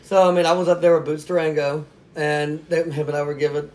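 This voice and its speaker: A man's voice: on the high side, level tone, a little fast, a little mellow. A man talking as a podcast guest, telling a story in a casual, self-mocking way and laughing often.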